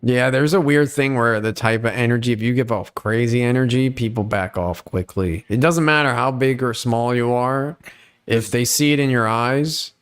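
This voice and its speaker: Man, mid pitch, smooth resonant voice, mock-preachy lecturing host on a casual podcast. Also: normal speed.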